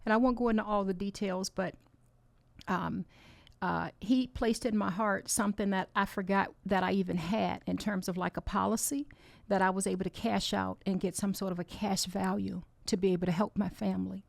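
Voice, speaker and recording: A podcast host speaks in a medium-pitched, steady, gravelly voice at a moderate pace, with no room sound. Tearful and nearly crying, she gives an earnest, encouraging faith-based talk on her own show.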